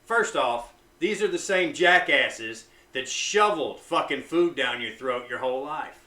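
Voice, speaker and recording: A man vlogging casually to camera, blunt and profane, swinging between loud hype and low, intense talk. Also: lively intonation, measured pace, distant mic. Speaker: vlogger on fasting. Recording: echoey room, voice off-mic.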